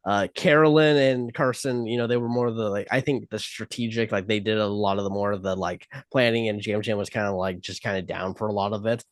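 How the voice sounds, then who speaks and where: A man's voice: on the low side, steady tone, brisk, hardly any pauses, no room sound. A man co-hosting a podcast in casual chat, talking loosely with many fillers. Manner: loose, filler-heavy talk. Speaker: podcast co-host.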